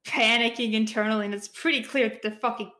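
A woman's voice: on the high side, fairly even intonation, fast talker, a bit bright, echoey room, low-quality recording. A woman playing a tabletop role-playing game, talking hesitantly with many fillers and nervous laughs. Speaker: player.

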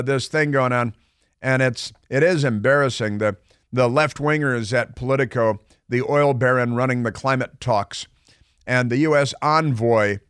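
A man's voice: mid-range voice, a bit bright, smooth, no echo. A man hosting a talk radio show, delivering a sarcastic monologue with mocking asides from a studio microphone.

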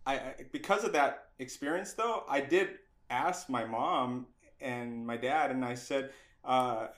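A middle-aged man, a guest on an interview podcast, telling stories from his youth in a casual, animated way and acting out the voices of people he quotes. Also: medium pitch, a little slow. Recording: roomy echo.

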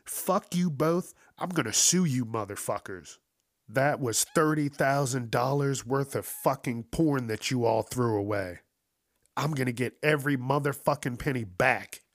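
A man's voice: mid-range voice, a little slow, dry recording, clean studio sound, natural voice. A man doing a furious, swearing grown son. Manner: indignant, profane. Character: furious grown son demanding his stuff.

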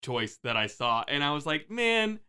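A young man with a bright, crisp voice chats casually on a podcast. He jokes around and rambles through his points with plenty of filler words. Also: mid-range voice, normal speed. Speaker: podcast co-host. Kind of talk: casual chat.

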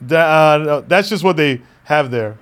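A man's voice: a little high, animated, measured pace, a bit bright. A man chatting casually as a podcast co-host, laid-back, laughing often and swearing now and then. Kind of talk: casual chat.

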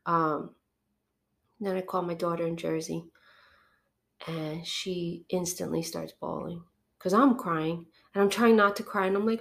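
A woman's voice: on the low side, fairly even intonation, a little slow, creaky. A middle-aged woman, a podcast guest, giving an emotional personal testimony, acting out her phone calls and sniffling now and then from allergies.

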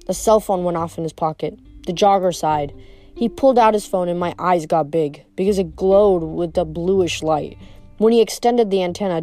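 A woman reading a first-person novel aloud in steady storybook narration. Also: on the low side, dry recording. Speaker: audiobook reader.

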